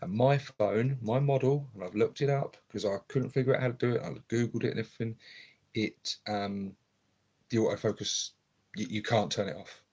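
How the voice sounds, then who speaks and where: A man chatting quietly and casually on a live stream at home, filmed on his phone, rambling with lots of ums. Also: lowish voice, moderate pace, breathy edge. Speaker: hobby streamer. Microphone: phone camera.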